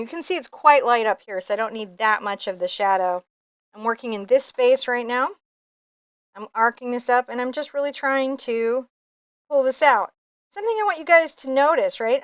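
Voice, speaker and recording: A chatty, opinionated middle-aged woman talks through a painting lesson in a casual, animated way. Her voice sits fairly high. The sound is close and dry, with no room echo. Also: clear, resonant tone. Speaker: painting instructor.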